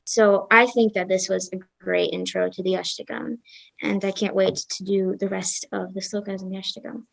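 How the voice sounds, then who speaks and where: A young woman telling a devotional story at a satsang in a casual, lively way, acting out the characters' lines. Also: medium pitch, normal speed, gravelly, no room sound, poor audio. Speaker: satsang speaker.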